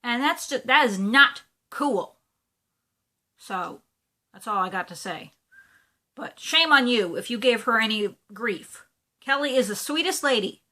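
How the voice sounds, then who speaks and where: A woman's voice: fairly high pitch, lively intonation, a little slow, long pauses, sharp tone. A woman, chatting casually and gushing while she shows off her crafting supplies. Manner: chatty and gushing, with many fillers. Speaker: cross-stitch vlogger. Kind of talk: casual show-and-tell chat.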